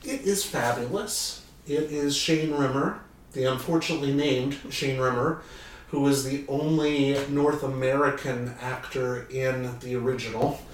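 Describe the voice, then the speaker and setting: A man hosting a podcast in casual chat, self-deprecating and quick to laugh. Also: mid-range voice, steady tone, slight background noise. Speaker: podcast host.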